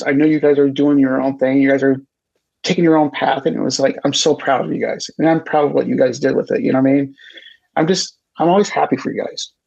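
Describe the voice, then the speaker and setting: A man from the Chicago area, a record shop co-owner, guests on a podcast and speaks in an emotional, gushing, casual way, repeatedly saying "you know what I mean." His voice is on the high side, slightly mellow, with vocal fry, and the recording sounds dull and lo-fi.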